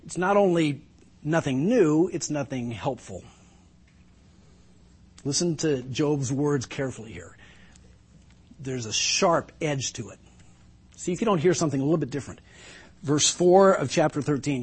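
A man's voice: fairly high pitch, lively intonation, measured pace, long pauses, slightly rough. A middle-aged man preaching a sermon in an earnest, reflective way, with some emphatic lines.

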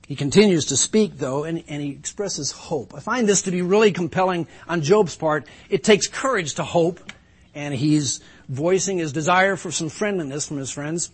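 A middle-aged preacher with a husky, slightly high voice speaks earnestly and reflectively. He leans hard on certain lines for emphasis. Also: moderate pace. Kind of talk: sermon.

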